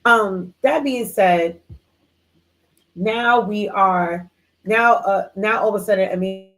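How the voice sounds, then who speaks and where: A woman's voice: mid-range voice, unhurried, long pauses, poor audio. Chatty woman hosting a live book chat. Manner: animated storytelling, acts out characters' lines in quotes; slangy, chatty, many fillers like "like" and "um". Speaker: book club host. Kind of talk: casual live book discussion.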